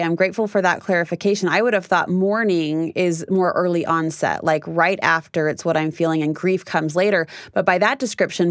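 A woman's voice: fairly low pitch, no echo, clean studio sound. A woman hosting an interview, asking thoughtful, articulate questions. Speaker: podcast host, interviewer. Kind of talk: conversational interview.

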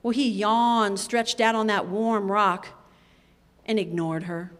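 A woman telling a fable to a live audience of children in an animated, rhythmic way. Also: mid-range voice, slow. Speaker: storyteller. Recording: live hall with long reverb.

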